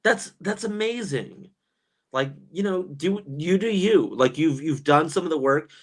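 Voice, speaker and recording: Animated guy in his 30s doing a live chat stream, lots of "like" and laughing. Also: fairly high pitch, unhurried. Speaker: livestream host reading chat. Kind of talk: casual chat.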